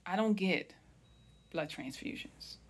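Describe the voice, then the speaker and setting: A wellness channel host speaks in a low, gravelly, expressive voice as she slowly reflects on a personal story. Calling her viewers family again and again, she tends to trail off into hushed silences.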